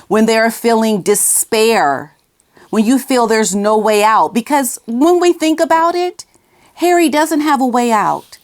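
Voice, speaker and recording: A woman giving casual opinion commentary on her vlog, emphatic and repeating her key phrases, sometimes talking aside to someone off camera. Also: a little high. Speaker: commentary vlogger.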